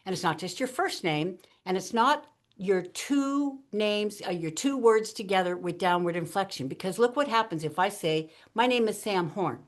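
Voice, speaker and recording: A woman guest on an interview podcast, explaining speaking techniques in an animated, punchy way and laughing often as she teaches. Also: mid-range voice, moderate pace, few pauses.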